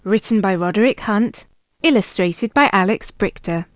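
A woman reading a children's picture book aloud, clear and deliberate, paced for young learners. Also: mid-range voice, animated, dry recording, studio quality. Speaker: storybook reader.

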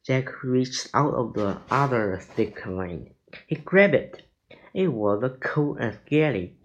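Slow man reading a children's book. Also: medium pitch, animated, muffled recording. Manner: slow, deliberate reading with small slips. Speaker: reader.

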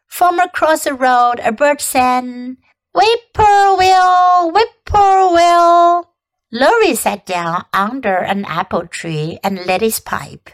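A woman teacher reading a children's novel aloud in a gentle, measured narrating voice. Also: on the high side. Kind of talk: storybook read-aloud.

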